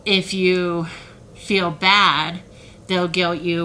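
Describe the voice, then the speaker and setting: Heated, animated woman talking to camera. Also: mid-range voice, normal speed, a little hiss or hum, poor audio. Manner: heated, animated, mocking quoted voices. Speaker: self-help video creator. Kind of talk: emotional direct-to-camera talk.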